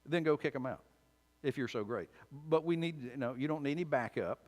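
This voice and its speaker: A preacher putting on a sarcastic biblical leader. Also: male voice, medium pitch, brisk, natural voice. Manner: mock-flattering, sarcastic. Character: sarcastic male biblical leader mocking his people. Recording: long church reverb.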